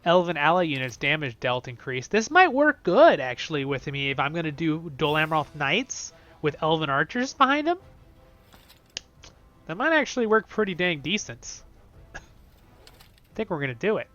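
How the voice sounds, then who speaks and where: Excitable young man commentating a game. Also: fairly high pitch, normal speed, pauses often, lo-fi sound. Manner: excitable, chatty, swings between loud and soft. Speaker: game video host. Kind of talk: casual gameplay commentary.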